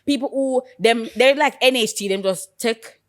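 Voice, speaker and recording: A young Jamaican woman co-hosting a podcast, chatting casually in a rambling, animated way and slipping into patois. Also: a little high, moderate pace. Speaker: podcast co-host. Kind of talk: casual chat.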